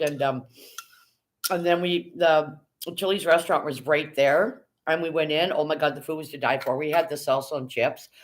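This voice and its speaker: Middle-aged woman, live stream host, chatty, casual, greets viewers by name. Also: low voice. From Canada. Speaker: livestream host.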